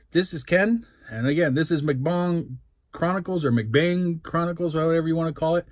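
A man's voice: on the high side, normal speed, no room sound, studio quality. A man with a Canadian accent, talking casually and upbeat in a food-tasting vlog, rambling between topics. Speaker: food vlogger. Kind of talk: casual mukbang vlog talk.

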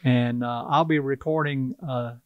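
A man's voice: mid-range voice, fairly even intonation, a little slow, no echo, phone-quality sound. An older man from South Carolina with a Carolina Southern accent, talking in a folksy, earnest way as an interview guest. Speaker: tribal chief, interview guest. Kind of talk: casual interview talk.

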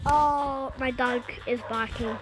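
A young girl giving casual gameplay commentary, getting excitable and frustrated at the game. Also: high voice, slow, music in the background. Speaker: gamer.

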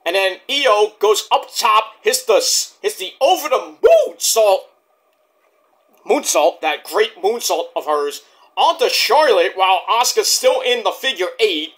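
A man's voice: sits high, lively intonation, a little slow, a bit bright. A man reviewing a wrestling show in a heated, profane, rambling rant.

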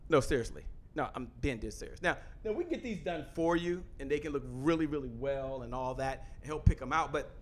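A man hosting an online show, loudly and quickly pitching his offer to the camera and repeating phrases for emphasis, from a home studio. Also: animated. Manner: loud, fast-talking, emphatic, repeats phrases. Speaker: host. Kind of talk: energetic sales pitch to camera. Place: home studio with a photo wall backdrop.

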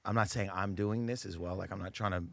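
Low-voiced man, dry close sound. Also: fairly even intonation, gravelly, no room sound. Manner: rambling, acts out other people in quick voices. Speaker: comedian guest. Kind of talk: casual podcast chat.

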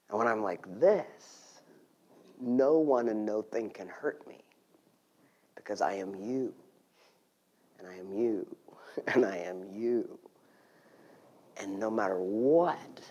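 A man giving a conversational sermon, laughing often and at times dropping to a hushed near-whisper. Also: mid-range voice. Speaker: guest speaker at church.

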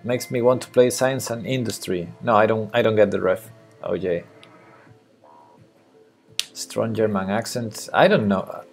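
A man's voice: lowish voice, steady tone, unhurried, pauses often, faint music behind. A man with a Spanish accent, thinking aloud and chatting with viewers during a late-night coding live stream. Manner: thinking aloud, muttering to himself, answering chat. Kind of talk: casual live-stream chat while coding.

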